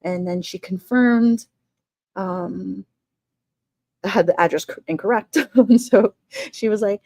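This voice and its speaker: A woman's voice: mid-range voice, unhurried, long pauses, warm tone, no echo. A woman hosting a casual livestream on her phone, reading messages aloud, emotional and laughing between lines. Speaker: livestream host.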